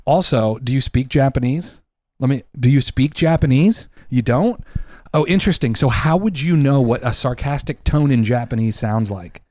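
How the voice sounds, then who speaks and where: A man's voice: medium pitch, normal speed, mellow, no room sound, clean studio sound. A man co-hosting a casual podcast, arguing heatedly and emphatically, with lots of swearing. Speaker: podcast co-host.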